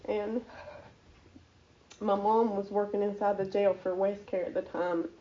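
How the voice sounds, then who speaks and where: A woman's voice: medium pitch, flat delivery. Earnest woman giving a lo-fi faith testimony. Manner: earnest, halting, emotional. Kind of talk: personal testimony.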